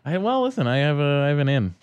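A man's voice: on the high side, very animated, quick pace, darkish tone, clear, resonant tone, no room sound, muffled recording. A man from Boston cracking jokes in a casual chat. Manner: joking, wisecracking.

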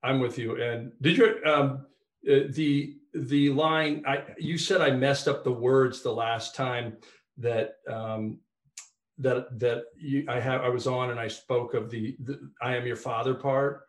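Halting jokey man in a roomy sound. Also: medium pitch, fairly even intonation. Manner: halting, jokey, full of restarts. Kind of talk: casual podcast chat.

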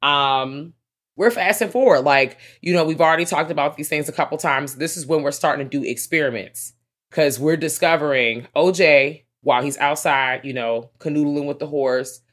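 A woman co-hosting a casual film discussion, chatty and profane, retelling scenes with animation. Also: extremely low pitch.

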